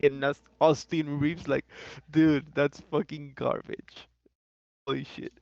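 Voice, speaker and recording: A fairly high, gravelly male voice telling a profane story on a podcast. He is animated and swears a lot. The dry, dull lo-fi sound has no room to it. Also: slow, dry recording. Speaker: guest co-host.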